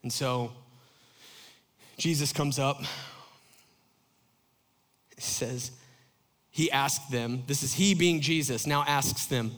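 A man preaching a sermon, telling stories in an animated, chatty way full of fillers. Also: a little high, takes it slowly, clean tone. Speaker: pastor. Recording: long hall reverb.

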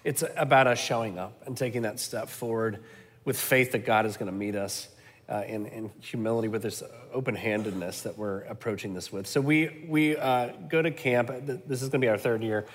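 A man's voice: fairly low pitch, fairly quick. A middle-aged man telling a story in conversation as a guest, earnest and rambling with fillers. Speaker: guest, camp founder. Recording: reverberant room.

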